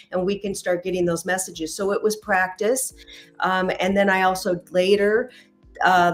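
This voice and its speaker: A middle-aged woman, a matchmaker and intuitive reader, chatting as a podcast guest and acting out quoted dialogue as she tells stories. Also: medium pitch. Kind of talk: casual interview storytelling.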